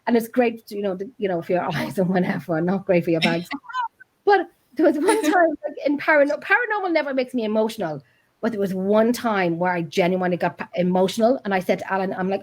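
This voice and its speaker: A woman's voice: mid-range voice, animated, fast, darkish tone. A woman, a paranormal investigator, chatting on a podcast in a rambling way, often breaking off mid-sentence. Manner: chatty, rambling, self-interrupting. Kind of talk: casual chat.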